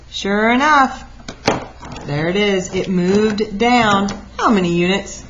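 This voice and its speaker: Lively woman teaching math, lo-fi. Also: mid-range voice, slow, slight background noise. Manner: lively, talks through steps aloud. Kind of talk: recorded math lesson. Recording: dull lo-fi recording.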